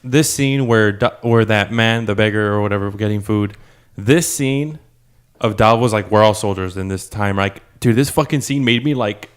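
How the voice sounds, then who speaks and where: A man co-hosting a podcast, talking earnestly in halting phrases and often dropping his voice low. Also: clean tone. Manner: earnest, halting, drops to a mutter. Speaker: podcast co-host. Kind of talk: casual recap chat.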